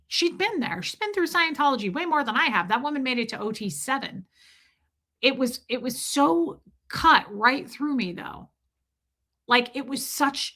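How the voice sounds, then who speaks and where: A woman's voice: fairly high pitch, bright, forceful tone. A woman talking candidly on her livestream, confessional and emotional, rambling with restarts. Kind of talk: candid personal monologue.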